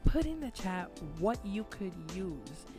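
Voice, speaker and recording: A woman's voice: mid-range voice, very animated, a little slow, music in the background. A woman with a Spanish accent co-hosting a casual live stream, chatty and sometimes fumbling her words.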